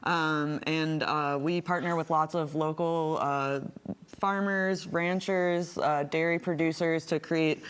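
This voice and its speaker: A woman's voice: low voice, fairly even intonation, slow pace, clean tone. A woman baker, a guest in a TV studio, explaining her products in a friendly way with fillers. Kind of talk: TV interview.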